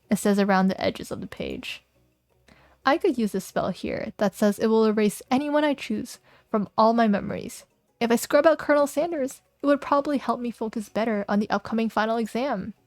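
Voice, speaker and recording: A woman's voice: a little high, animated, fairly quick, dry recording. A young woman streaming a game, chatting playfully and reading its text aloud, giggling often.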